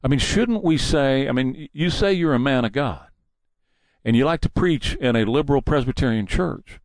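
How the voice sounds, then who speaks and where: Combative man with a lively voice. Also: mid-range voice, moderate pace, dry recording. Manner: combative, preachy, mocking. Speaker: talk show host. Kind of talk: political commentary monologue.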